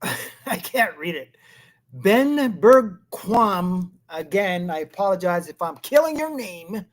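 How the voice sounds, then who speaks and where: A man's voice: sits high, sing-song, slow pace. A man hosting a show with casual political commentary, talking in a rambling, blunt way and often laughing. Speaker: show host.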